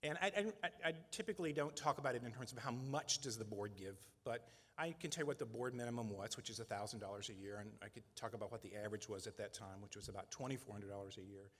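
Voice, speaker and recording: At a fundraising breakfast, a middle-aged nonprofit leader addresses donors in a conversational, earnest speech, frequently tacking on "right?" as an aside. His voice is on the low side, quick, and fairly bright, echoing through a reverberant banquet hall in a large event space.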